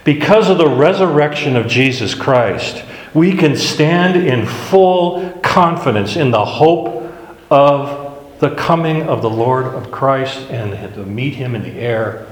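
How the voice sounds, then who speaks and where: A man leads a Bible class at an unhurried, deliberate pace, talking plainly and poking fun at himself. His voice rings around a reverberant meeting room with a long tail, and a faint hiss sits under the recording. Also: medium pitch, lively intonation. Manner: slow, conversational, self-deprecating. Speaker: Bible study teacher.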